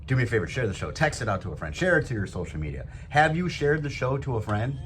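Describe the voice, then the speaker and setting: A man's voice: medium pitch, sing-song, quick pace. A man hosting his own motivational talk show, upbeat and rambling, poking fun at himself. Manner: upbeat, rambling, self-joking. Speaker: show host. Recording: noisy background.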